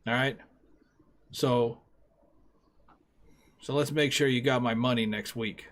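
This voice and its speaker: A cold, threatening mob enforcer who keeps his voice low and quiet as he issues demands, as a game master puts him on. The menace comes through in a calm, clipped delivery in this tabletop crime story. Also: takes it slowly.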